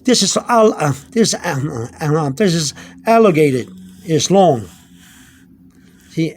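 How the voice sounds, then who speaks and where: A man teaching vocabulary in an unscripted video lesson, halting, repeating himself and filling pauses, slowing down to spell out words. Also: fairly high pitch, animated. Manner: searches aloud through his notes. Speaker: language teacher.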